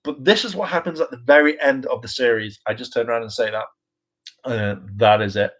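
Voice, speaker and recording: A man's voice: mid-range voice, animated, quick pace, a bit bright, low-quality recording. A man vlogging in a casual, rambling way, self-mocking and full of fillers and the odd swear word. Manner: chatty and self-mocking, with frequent fillers, laughs and mimicked voices. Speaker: vlogger and hopeful actor.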